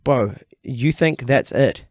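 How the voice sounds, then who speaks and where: A man from New Zealand with a New Zealand accent, a podcast guest telling a story in casual chat, animated and laughing often while acting out quotes. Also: medium pitch, slow, no room sound, studio quality. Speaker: guest streamer.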